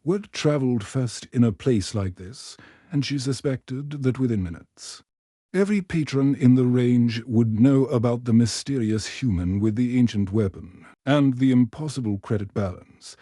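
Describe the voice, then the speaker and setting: A man narrating a story in a calm, measured way, at an ordinary pitch. His tone is warm and mellow, and the sound is dry and close, with no room around it. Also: no room sound.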